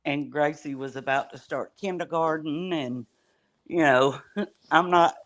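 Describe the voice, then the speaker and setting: A woman's voice: low-pitched, unhurried. A middle-aged woman joins a casual panel conversation. She talks about herself with easy self-mockery, and laughter keeps slipping into what she says. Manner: self-deprecating, laughs often. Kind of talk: casual chat.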